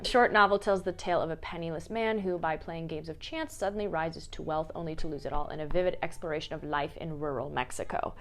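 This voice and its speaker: A woman's voice: deep voice, steady tone, fast, hardly any pauses, fairly bright tone. A woman vlogging about her books in a casual, playful way, with jokey asides. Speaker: book vlogger. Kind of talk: casual chat.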